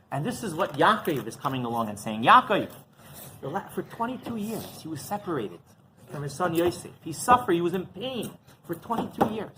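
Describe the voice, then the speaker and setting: A man's voice: sits high, slight background noise, low-quality recording. Guy rabbi preaching, talks all up and down, says "right?" every other line. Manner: keeps asking "right?", animated delivery; restarts and repeats words. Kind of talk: sermon.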